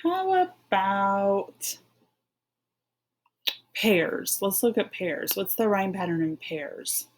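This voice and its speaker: A woman teaching a phonics lesson online, taking her time over every word. She talks slowly and patiently, encouraging young readers as she reads a poem with them and points out its rhymes. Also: medium pitch, slight background noise.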